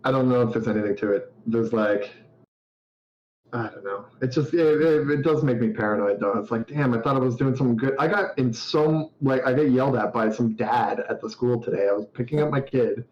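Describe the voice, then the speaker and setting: A man's voice: mid-range voice, brisk, darkish tone. A man from Canada talking casually as an interview guest over a call, laid-back, laughing easily and rambling through stories. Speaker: game developer guest. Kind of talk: casual video call chat. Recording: roomy, slightly dull sound with faint noise.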